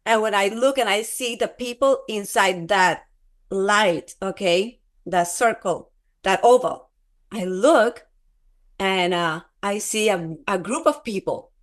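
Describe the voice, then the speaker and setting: Woman guest telling her story, stops and restarts a lot, acts out the dialogue. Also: mid-range voice. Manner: halting, repeats words, restarts often; animated retelling with quoted dialogue. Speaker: interview guest. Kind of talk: personal testimony in conversation.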